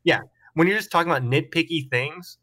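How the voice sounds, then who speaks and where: A man's voice: on the high side, fairly quick, bright, forceful tone. A man hosting a casual sports podcast, chatting in a laid-back way and hedging his opinions with lots of "like". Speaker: podcast host.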